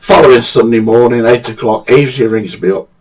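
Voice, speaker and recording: A man's voice: mid-range voice, a little fast, a little mellow, rough recording. An older man from England, telling funny true anecdotes in a chatty, casual way and laughing at his own stories. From England, Badsey. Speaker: storyteller.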